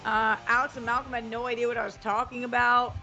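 A woman hosting a live talk show, chatting casually in an animated, self-mocking way. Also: fairly high pitch, quick pace, dull audio, music in the background. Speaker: show host. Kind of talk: casual chat.

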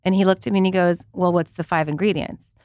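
A Canadian woman in her forties co-hosting a podcast, chatting casually and telling animated stories, swearing freely and laughing as she talks. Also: fairly low pitch, fast talker, no echo, clean studio sound. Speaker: podcast co-host. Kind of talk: casual chat.

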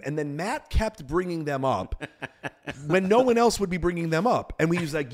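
A man hosting a podcast, teasing his guest and telling animated stories in casual chat. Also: fairly high pitch, moderate pace. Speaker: podcast host.

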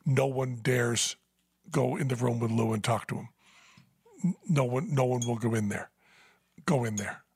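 A man telling a story in casual podcast chat, animated and breaking into high laughter. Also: normal speed, pauses often, breathy edge, no echo, clean studio sound. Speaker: podcast host. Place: Las Vegas.

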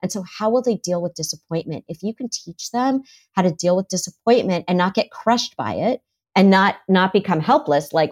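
This is a woman therapist talking as a guest in an interview, with a slightly low voice. She is animated and slips into quoted lines as she gives examples. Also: moderate pace. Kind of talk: conversational interview.

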